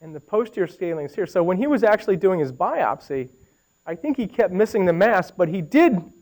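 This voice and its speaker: A middle-aged man, fairly high-voiced, lectures on medical imaging. He talks easily and conversationally, stepping through scans and pausing to ask the room questions. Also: very animated, darkish tone, poor audio. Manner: conversational, with anecdotes and audience questions. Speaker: radiology lecturer.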